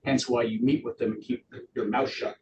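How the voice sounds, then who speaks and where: A middle-aged man giving a lively live training talk to realtors in an office, acting out quotes in voices. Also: medium pitch, moderate pace, dull audio. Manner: animated, acts out quotes in voices. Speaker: real estate trainer. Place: office meeting room. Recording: distant room mic with background noise.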